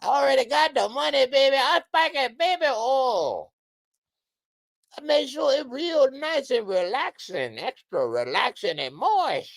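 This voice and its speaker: A man putting on the voice of a boastful male music mogul, crooning breathy, drawn-out lines. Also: very high-pitched, sing-song, pitched above the performer's own voice, full character voice.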